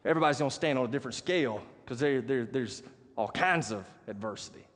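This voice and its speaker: A man's voice: medium pitch, expressive, fast, a bit bright. A man preaching a sermon as pastor, telling a personal story and often checking in with the congregation. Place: church sanctuary. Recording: long church hall reverb.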